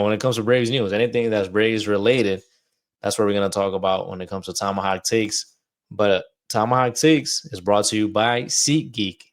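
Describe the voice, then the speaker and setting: A man hosting a casual baseball podcast, chatty and loose, a little out of breath. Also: lowish voice. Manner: chatty, loose, talks through ad reads like a wrestler promo. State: a bit out of breath. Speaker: podcast host.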